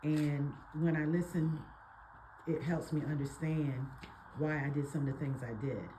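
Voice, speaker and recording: Woman, low mellow voice, reflective audience comment, faint noise. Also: steady tone, measured pace. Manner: reflective, open. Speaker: audience member. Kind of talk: personal comment in discussion.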